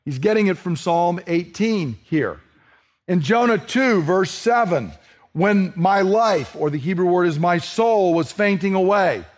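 Male pastor, fairly high voice, emphatic expository preaching. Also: lively intonation. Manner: earnest, emphatic, slows down for scripture readings. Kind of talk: expository sermon.

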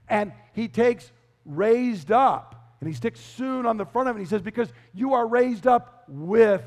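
A man's voice: very high voice, long reverb tail. A male pastor preaching an expository sermon, emphatic, repeating key phrases and quizzing his listeners.

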